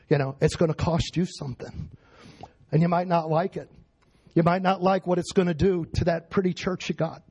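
A man's voice: fairly high pitch, darkish tone, breathy edge. A man preaching a sermon in an emphatic way, firing questions at his congregation.

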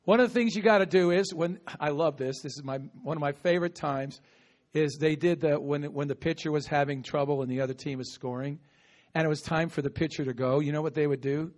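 A high-voiced male pastor delivers a brisk, animated sermon at an outdoor gathering where insects can be heard. He's talkative, breaks into bursts of laughter and uses call-and-response. At times there's no microphone.

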